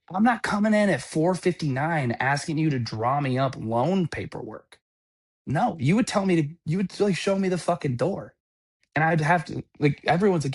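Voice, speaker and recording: A man's voice: medium pitch, slightly rough. A man who works in restaurants giving a blunt, profane, preachy rant. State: sober. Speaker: restaurant worker. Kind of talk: unscripted rant.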